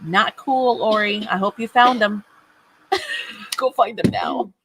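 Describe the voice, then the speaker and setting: A woman's voice: medium pitch, slow pace, background noise. A woman hosting a casual craft livestream, chatting and laughing often and greeting viewers by name.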